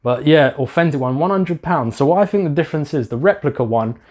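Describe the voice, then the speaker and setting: A man giving a casual product review, hesitant, with many pauses and restarts and some self-deprecating asides. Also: fairly high pitch, expressive, a little mellow. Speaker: YouTuber reviewing a football shirt.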